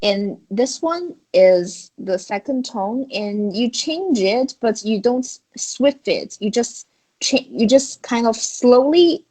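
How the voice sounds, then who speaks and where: Slow, patient woman teaching Chinese. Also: on the high side, lively intonation, dark tone, husky, rough recording. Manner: patient, explains step by step with examples. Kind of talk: online language lesson. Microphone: video call.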